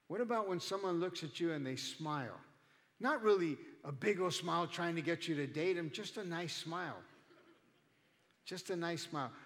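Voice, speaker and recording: High-pitched guy preaching in church, chatty, voice rings out in a big reverby hall. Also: a bit bright. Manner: conversational preaching, acts out quoted people. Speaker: pastor. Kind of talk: sermon.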